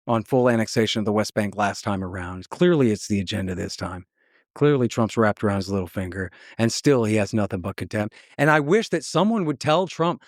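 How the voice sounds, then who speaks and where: A man's voice: mid-range voice, lively intonation, brisk, dry recording, clean studio sound. A man being interviewed on a podcast, talking bluntly and sarcastically, mocking the people he quotes as he tells his story. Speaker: guest.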